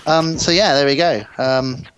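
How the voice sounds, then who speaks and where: A man's voice: on the high side, a little slow, fairly bright tone. A man hosting a podcast in casual, joking, rambling chat. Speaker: podcast host.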